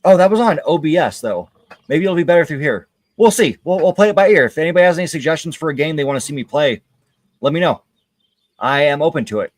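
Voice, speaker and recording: A man's voice: on the high side, expressive, fast, no room sound. A man hosting a casual gaming livestream, talking candidly and rambling with many hesitations and restarts. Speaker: livestream gamer host. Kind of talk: casual chat while gaming.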